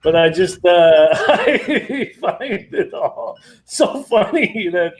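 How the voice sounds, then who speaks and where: A man's voice: sits high, lively intonation, slow. A man on a betting show panel, giggly and teasing. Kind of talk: live betting show chat.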